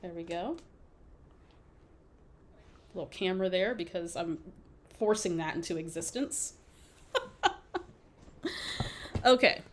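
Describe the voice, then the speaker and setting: A woman's voice: lowish voice, expressive, slow pace, pauses often, a little hiss or hum. A woman hosting a live scrapbooking stream, chatting playfully with viewers and laughing often as she works. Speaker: scrapbooking livestream host. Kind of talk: casual crafting livestream chat.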